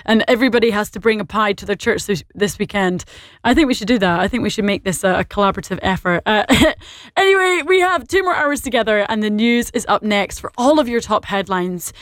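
A woman's voice: mid-range voice, animated, fairly quick, dry recording, studio quality. A woman with an Irish accent presenting a radio show, chatty and bubbly as she reads out listener messages. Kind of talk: lively radio chat. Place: radio studio. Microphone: studio microphone.

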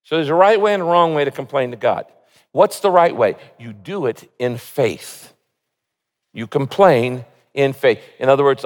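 A man's voice: medium pitch, lively intonation, moderate pace. A man preaching a sermon, earnestly reading scripture and pleading prayers aloud with rising emphasis. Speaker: pastor. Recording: long hall reverb.

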